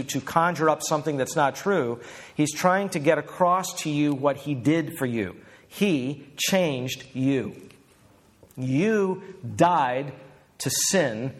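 A middle-aged man preaching a sermon in an earnest, conversational way, often asking his listeners questions. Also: a little high.

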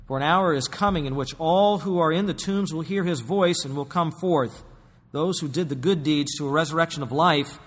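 Male pastor, emphatic sermon delivery with loud peaks, slightly high pitch, long hall reverb. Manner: emphatic preaching, rising to loud bursts.

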